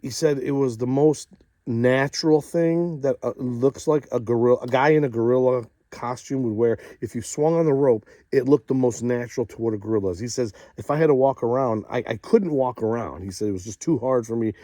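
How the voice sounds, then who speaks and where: A man telling a long joke as if it were a true story, dropping to a hushed low voice for the people he quotes. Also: brisk, no room sound, clean studio sound. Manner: drops low and quiet for the zookeeper's lines, shrieks for punchlines. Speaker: comedian storyteller.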